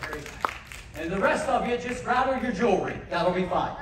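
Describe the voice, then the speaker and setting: High, animated male stage comic working a crowd, recorded from the audience in a big echoing hall. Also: brisk. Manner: joking crowd banter, cheers loudly. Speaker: variety performer. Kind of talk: live stage comedy patter. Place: large cruise ship theater. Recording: echoey theater filmed from far off. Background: audience noise.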